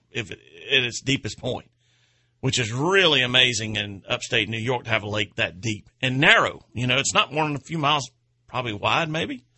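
A man's voice: mid-range voice, pushed and bright, slight background noise. A man hosting an outdoors radio show, chatting in a rambling, folksy way and chuckling at his own stories. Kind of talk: casual radio chat.

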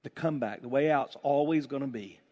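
High-voiced man preaching a sermon. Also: a little fast, lo-fi sound. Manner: emphatic, rhetorical questions, dramatic shifts between loud and hushed. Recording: long hall reverb.

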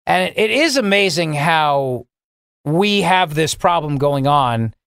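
A middle-aged man runs his political radio show alone, mocking and sarcastic, his voice leaping up for emphasis. He sits slightly higher than most men in pitch. The studio sound is close and dry, with no room around it. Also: lively intonation, slow pace, creaky, a bit bright, clean tone, dry recording. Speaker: talk radio host. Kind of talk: political talk radio monologue.

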